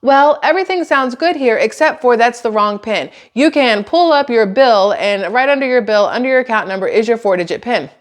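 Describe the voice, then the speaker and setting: Woman voicing a male support agent, chipper, oblivious, scripted politeness, slightly raised pitch. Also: lively intonation, brisk, hardly any pauses, close to an everyday voice.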